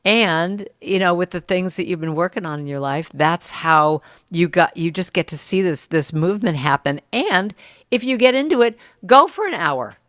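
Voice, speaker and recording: A woman's voice: fairly low pitch, normal speed, no room sound, studio quality. Storytelling woman in casual chat. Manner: storytelling, animated when quoting others. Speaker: podcast guest, musician. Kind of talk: casual conversation.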